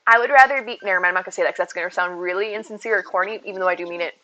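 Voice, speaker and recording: A woman's voice: fairly low pitch, very fast, bright, forceful tone. A woman live-streaming from home, chatting casually and upbeat with her viewers and thanking them as she plays. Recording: dull lo-fi stream audio.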